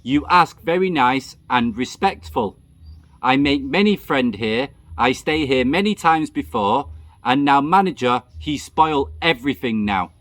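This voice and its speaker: A man voicing the restless ghost of a dead male friend, speaking calm, melodic broken English. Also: mid-range voice, unhurried, no room sound. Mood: mournful.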